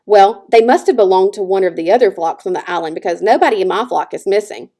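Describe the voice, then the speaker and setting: A woman voicing a blunt, bossy old gray goose who speaks in brisk, scolding squawks, read from a storybook. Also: medium pitch, dark tone, close to an everyday voice.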